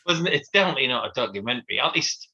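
A man's voice: mid-range voice, lively intonation, rapid-fire, pushed and bright, muffled recording. A man, co-hosting a casual chat about a film, wry and rambling. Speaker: podcast co-host.

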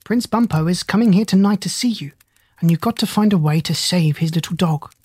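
A reader voicing a clever, bossy female parrot who talks in an urgent, hushed way in a storybook. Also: medium pitch, fairly quick, husky, no room sound, studio quality, lightly acted. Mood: impatient. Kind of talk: audiobook character reading.

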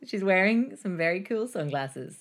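A woman's voice: mid-range voice, lively intonation, normal speed. A woman co-hosting a podcast, reacting with wry remarks in casual chat. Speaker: podcast co-host.

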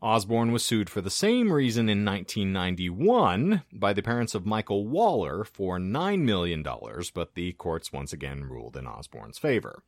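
Man, podcast host, casual chat, animated delivery, sarcastic, dry close mic. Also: sits low, normal speed, few pauses, dry recording. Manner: wry, sarcastic asides.

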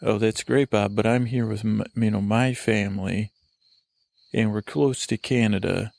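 Rambling, gravelly podcast host man. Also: fairly low pitch, unhurried, no room sound. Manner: jokey, rambling, with a put-on excitable voice. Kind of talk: rambling comedic podcast chat. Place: outdoors by a lake in the woods.

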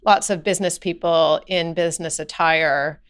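Smooth-voiced woman, playful correspondent. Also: lowish voice, fairly even intonation, normal speed. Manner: playful, vivid storytelling. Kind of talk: conversational news chat.

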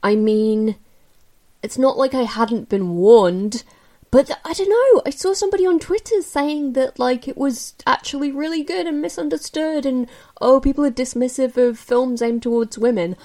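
A woman casually reviewing films she watched, candid and chatty, with many fillers and restarts, jumping up in pitch when she gets opinionated. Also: lively intonation, moderate pace, warm tone. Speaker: film reviewer. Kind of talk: casual spoken film review.

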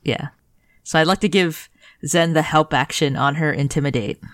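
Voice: mid-range voice, normal speed, no room sound. A playful player in a casual tabletop game, explaining the rules and joking around. The voice is mid-range and recorded dry and close. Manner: playful, laughs often.

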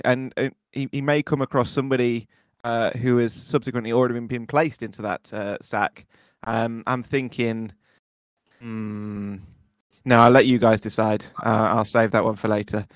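A man's voice: medium pitch, little pitch movement, normal speed, no room sound, studio quality. A man running a comedic tabletop role-play game as its game master, talking hesitantly with lots of fillers. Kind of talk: casual game narration.

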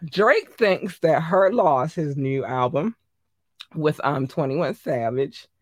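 A woman's voice: deep voice, no room sound, clean studio sound. A woman hosting a casual gossip podcast, talking bluntly and animatedly, swearing freely and repeating herself for emphasis. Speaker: podcast host.

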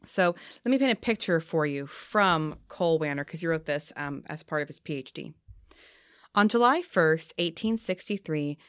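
A woman's voice: low voice, lively intonation, normal speed, fairly bright tone, smooth, dry recording, studio quality. A tired woman co-hosting a podcast, chatting casually and then telling a history story from her notes. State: tired, half asleep. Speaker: podcast co-host. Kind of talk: casual chat and read-out history.

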